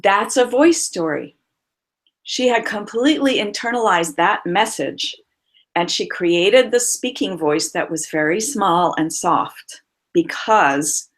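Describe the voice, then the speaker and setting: A woman's voice: medium pitch, lively intonation, slow pace. A woman voice coach, a guest on a remote call, telling client stories expressively with frequent laughs.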